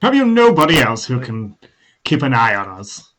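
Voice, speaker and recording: A man's voice: mid-range voice, very animated, normal speed, fairly bright tone, pitched below the performer's own voice. A man playing an exasperated male war wizard who speaks scornfully and accusingly in a tabletop role-play.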